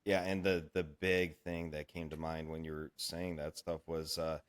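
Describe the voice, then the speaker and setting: A man hosting a coaching podcast, relaxed and agreeable, summing up his guest's points. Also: extremely low pitch, moderate pace, smooth. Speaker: strength coach, podcast host. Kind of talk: casual interview chat.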